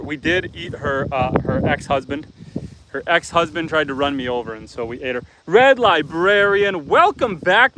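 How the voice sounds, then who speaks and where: Middle-aged man from Canada, slightly high voice, relaxed chatty livestream host outdoors on a farm. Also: a little hiss or hum, poor audio. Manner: easygoing, chatty, teasing viewers. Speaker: homestead livestreamer. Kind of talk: casual live-stream chat reading viewer comments.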